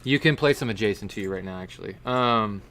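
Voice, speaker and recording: A man's voice: on the low side, fast, creaky, fairly bright tone. A man running a tabletop game as dungeon master, explaining rules and calling out dice rolls.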